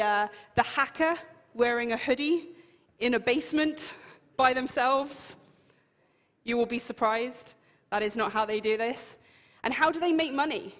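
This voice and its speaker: A woman from the United Kingdom with a British accent, giving a conference talk in a chatty, self-deprecating and emphatic way. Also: fairly high pitch. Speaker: keynote speaker. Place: large conference hall. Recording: long hall reverb.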